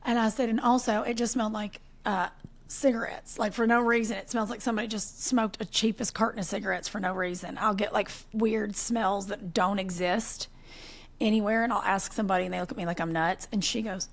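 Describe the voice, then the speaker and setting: A woman in her forties co-hosting a podcast, telling animated stories in casual chat and laughing often. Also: mid-range voice, a little fast, gravelly. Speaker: podcast co-host.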